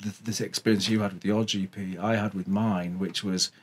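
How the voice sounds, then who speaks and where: A man's voice: fairly low pitch, level tone, normal speed, breathy edge. A man from England, the interviewer in a casual conversation, sharing his own experience in a chatty, agreeable way.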